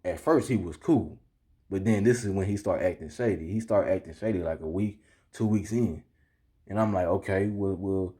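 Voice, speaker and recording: Young guy ranting on his vlog, low mellow voice, lots of slang, keeps going "you feel me". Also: normal speed. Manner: slangy, keeps asking "you feel me", heated when retelling. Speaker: vlogger. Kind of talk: casual storytelling to camera.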